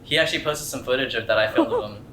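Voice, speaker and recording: A man's voice: medium pitch, racing, reverberant, noisy background. A young man answering fan questions in a casual, rambling chat, full of slang and fillers. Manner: laid-back, rambling, slangy with lots of "dude" and "like".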